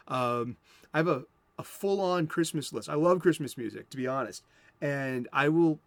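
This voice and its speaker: A man from the United States hosting a comic book show, talking in a rambling, profane, self-interrupting way. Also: medium pitch. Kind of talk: casual rambling chat.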